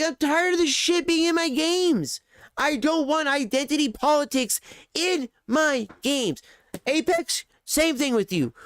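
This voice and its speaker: Profane, rambling male streamer with a high voice. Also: clear, resonant tone, dry recording, clean studio sound. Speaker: live streamer. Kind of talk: casual live-stream chat.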